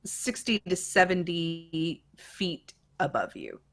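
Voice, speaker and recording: A woman runs a tabletop game, her voice sitting a little low. She takes her time over each description, pausing on fillers as she pictures the scene. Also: very animated, fairly bright tone. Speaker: game master.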